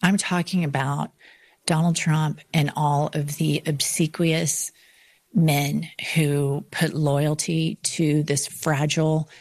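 A woman's voice: low voice, flat delivery, slow pace, darkish tone, no echo. A middle-aged woman from Oklahoma, a podcaster and author, answering interview questions bluntly and outspokenly. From Oklahoma, United States.

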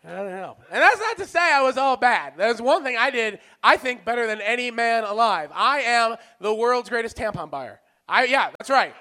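A man performing self-mocking stand-up comedy, with abrupt shouted punchlines. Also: very high-pitched, lively intonation, normal speed, few pauses.

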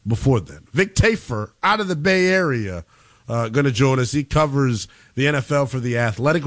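A man hosting a sports radio show, giving opinionated, measured commentary from a studio. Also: mid-range voice, fairly bright tone.

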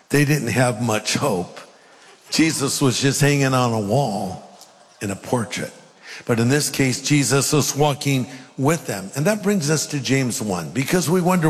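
A man preaching a sermon, speaking emphatically and reading scripture aloud with dramatic pauses. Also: mid-range voice, breathy edge, big-room sound.

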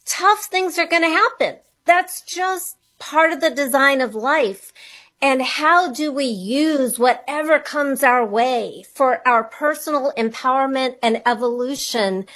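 A middle-aged woman speaks as a radio interview guest in a high, bright-pitched voice. She talks slowly and earnestly, reflective, and often stacks up questions as she works through a thought. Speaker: guest author and money coach.

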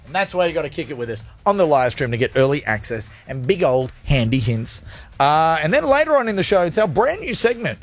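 A man's voice: a little high, big pitch swings, a little fast, soft background music. A male radio host chatting on air in a playful, jokey, rambling way from a studio. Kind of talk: energetic radio show chat.

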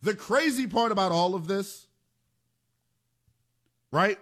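A man's voice: high-pitched, slow pace, fairly bright tone. A man hosting a sports talk radio show, delivering an emphatic monologue and repeating phrases for punch.

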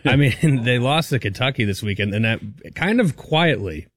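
Man, sports co-host, laid-back, wry, mid pitch, dry close mic. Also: lively intonation, moderate pace, no room sound. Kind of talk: casual sports talk.

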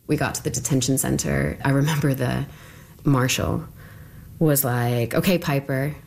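A woman's voice: rumbling low, fairly even intonation, unhurried, gravelly, darkish tone. A young woman telling her own story in an interview, rambling with many fillers.

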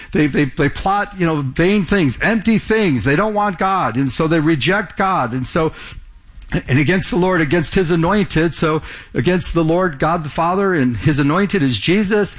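A middle-aged male pastor giving a conversational sermon and often restarting his sentences. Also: high-pitched. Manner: conversational preaching with frequent restarts and stammered repeats.

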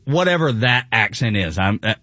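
A man's voice: fairly low pitch, sing-song, moderate pace, bright, forceful tone, no echo, lo-fi sound. A man with a Southern US accent, hosting a casual chat, enthusiastic and often laughing. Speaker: show host.

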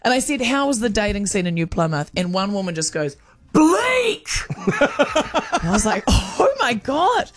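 A woman with a New Zealand accent, a radio host and touring comedian, telling animated stories in casual on-air chat. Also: medium pitch, fast, few pauses. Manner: animated storytelling with chatty asides.

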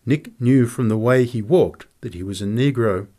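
A man's voice: medium pitch, moderate pace. A man reading a story aloud in scripted narration, voicing each character in turn. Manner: lively, expressive reading of dialogue. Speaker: audiobook reader.

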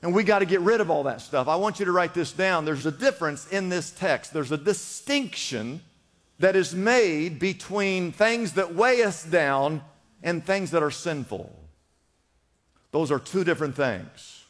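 High-voiced preacher in a reverberant hall. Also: male voice, expressive, measured pace, a bit bright. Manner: emphatic, repetitive exhortation. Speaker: pastor. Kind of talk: sermon. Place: church in Los Angeles.

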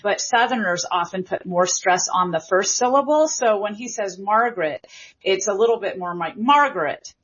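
Husky-voiced woman linguist explaining eagerly. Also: mid-range voice. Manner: enthusiastic, explanatory, quick bursts when excited. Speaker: linguistics professor and author, guest. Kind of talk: radio interview answers. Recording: slightly muffled broadcast audio.

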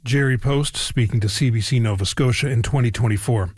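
A man reading a scripted radio news story in a measured, even way. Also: mid-range voice, slightly rough, no room sound, studio quality. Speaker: news host.

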